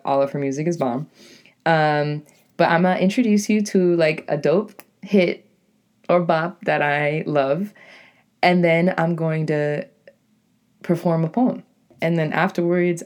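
Raspy low-voiced New England woman. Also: steady tone, measured pace, a little mellow. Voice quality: deep and raspy. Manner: rambling, lots of "like" and "you know", self-correcting. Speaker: podcast host and poet. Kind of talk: casual solo podcast monologue.

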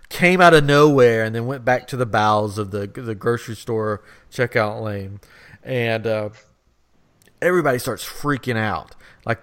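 A man's voice: medium pitch, a bit bright. Laid-back man telling a rambling story. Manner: rambling, laughing anecdote teller. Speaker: podcast co-host. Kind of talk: casual storytelling chat.

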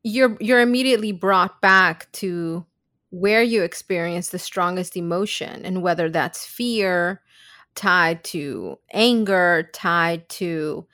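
A woman's voice: fairly low pitch, takes it slowly, pushed and bright, dry recording. Reflective woman guest, dry sound. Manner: reflective, searching for words with restarts. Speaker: podcast guest. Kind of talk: casual podcast conversation.

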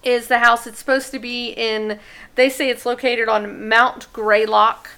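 Bright, high-toned chatty woman. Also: flat delivery, measured pace, clean tone. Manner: eager, chatty fan talk. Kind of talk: casual chat.

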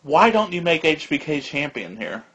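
A man's voice: a little high, big pitch swings, moderate pace, a bit bright, husky. A man co-hosting a casual podcast, opinionated and arguing his points. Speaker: podcast co-host. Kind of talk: casual chat. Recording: slightly dull lo-fi sound.

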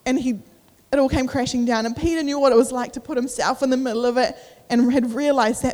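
Young woman, high voice, sermon, casual and emotional delivery, long hall reverb. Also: fairly even intonation, quick pace, hardly any pauses, a little mellow. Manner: casual, emotional, uses many fillers. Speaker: preacher. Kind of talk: sermon with personal story.

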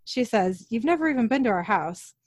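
A woman's voice: fairly high pitch, fairly quick, no room sound, clean studio sound. A woman recapping a TV episode in casual talk, reading out the characters' lines in her own voice. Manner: animated retelling, quoting characters in her own voice. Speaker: podcast host recapping an episode.

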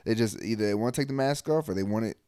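A man's voice: fairly low pitch, expressive, fast talker, a little mellow, clean tone, no echo. Laid-back soldier man, dry sound. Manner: loose, profane, trailing off into mumbles. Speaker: army soldier. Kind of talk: casual chat.

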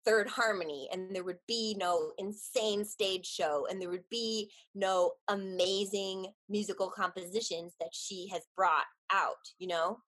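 A woman's voice: medium pitch, steady tone, a little slow, few pauses, fairly bright tone, poor audio. A woman who tours in a band, chatting casually and rambling, often asking "you know what I mean". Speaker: touring band musician, guest. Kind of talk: casual chat.

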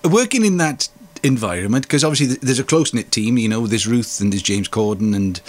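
A man hosting an interview, asking long rambling questions. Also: fairly quick. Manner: rambling questions, lively pitch. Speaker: interviewer, host. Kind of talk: conversational interview.

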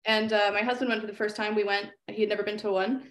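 A woman's voice: mid-range voice, flat delivery, quick pace, roomy sound. A woman author guesting on a podcast, chatting casually and telling rambling, friendly stories. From United States. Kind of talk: casual chat.

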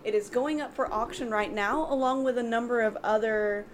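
A woman's voice: fairly high pitch, normal speed, slight background noise. A woman co-host in a casual panel chat who explains stories at some length.

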